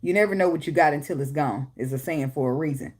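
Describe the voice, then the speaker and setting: Her voice is low, husky and a little mellow, and she talks fast. At home with her daughter nearby, this woman gives an offhand tarot reading, cursing bluntly, laughing, and now and then singing a few lines.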